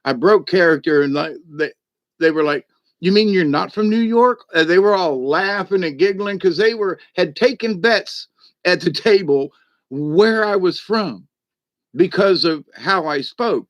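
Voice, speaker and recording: Hosting a live stream, a South Georgia man chats his way through rambling stories, full of "you know" and "but anyway." His voice is high-pitched and measured in pace, recorded lo-fi with no echo.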